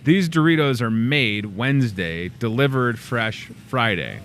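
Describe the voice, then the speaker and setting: A man's voice: medium pitch, unhurried, a little hiss or hum. A man hosting a local store show, chatting casually and jokingly while plugging events and deals. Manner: chatty, joking asides, lively promo delivery. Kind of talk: casual local promo chat.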